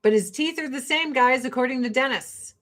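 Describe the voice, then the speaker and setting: A woman from the rural Midwest talks casually to her viewers while she gets ready, in a fairly high voice. She is blunt and swears freely, and she laughs often. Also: a little fast, fairly bright tone. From rural Illinois, US Midwest. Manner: blunt, profane and chatty, with frequent laughs. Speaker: vlogger and host. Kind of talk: casual get-ready-with-me chat.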